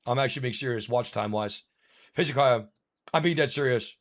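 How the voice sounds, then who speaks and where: A man's voice: medium pitch, brisk, dry recording, studio quality. A young man streaming a game live, ranting with frustration and plenty of swearing as he talks to chat.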